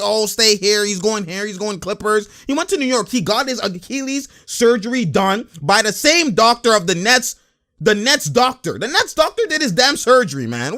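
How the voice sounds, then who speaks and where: Man vlogger, fired-up sports rant, high voice that swings wildly, lots of "man" and "yo". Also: sharp tone. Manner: heated, emphatic, rhetorical questions, slangy. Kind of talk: casual basketball rant to camera.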